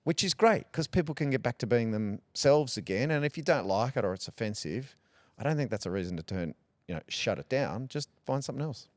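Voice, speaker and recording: A middle-aged Australian man talking candidly in a relaxed interview, joking and rambling through stories. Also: mid-range voice, brisk, dry recording. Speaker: podcast guest, radio personality.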